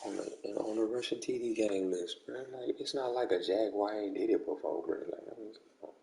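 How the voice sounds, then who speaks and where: A man's voice: lowish voice, a little fast, gravelly, mellow, slight background noise. A man chatting casually with friends during an online game league, slangy and repetitive. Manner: slangy, repeats "bro" and "come on".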